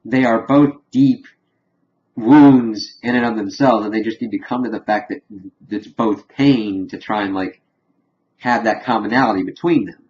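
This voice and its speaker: Young man, low voice, casual TV review, chatty scene recap, dull lo-fi recording. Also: normal speed, a little mellow. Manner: chatty, retells scenes with loose quoted dialogue. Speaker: TV episode reviewer.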